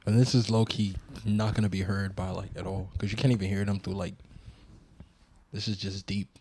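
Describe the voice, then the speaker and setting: Young male co-host, low and mellow, deadpan teasing with quiet mumbled asides. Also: fairly quick, a little hiss or hum. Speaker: podcast co-host. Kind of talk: casual chat.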